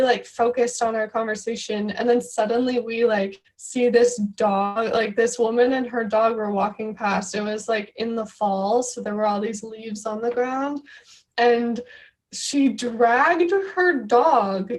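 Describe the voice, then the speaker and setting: Chatty young American woman, higher voice. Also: poor audio. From United States. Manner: chatty storyteller, many fillers like 'like' and 'um'. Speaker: tour guide. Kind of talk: casual chat.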